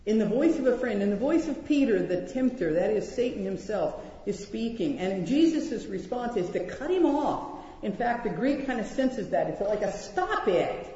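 A Bible teacher leading a study, speaking with animated emphasis and often restarting sentences. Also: medium pitch, moderate pace. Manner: animated, acts out quoted lines, frequent restarts. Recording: dull sound in an echoey hall with long reverb.

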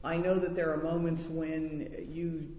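A woman's voice: low voice, level tone, measured pace, warm tone, muffled recording. Earnest woman teaching in an echoey hall. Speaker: women's Bible study teacher. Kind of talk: Bible teaching talk to women.

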